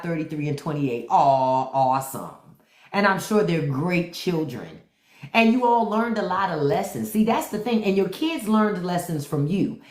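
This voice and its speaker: Middle-aged woman host, lively swooping delivery, low voice, blunt and profane, in an echoey room. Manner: blunt, profane, animated storytelling. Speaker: host of a live stream. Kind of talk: casual live-stream chat with viewers.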